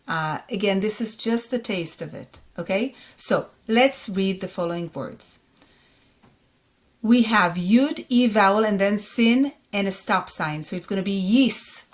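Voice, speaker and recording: A woman with an Israeli accent teaching a reading lesson, sounding out syllables slowly and repeating each word. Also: mid-range voice. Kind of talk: slow, patient reading lesson.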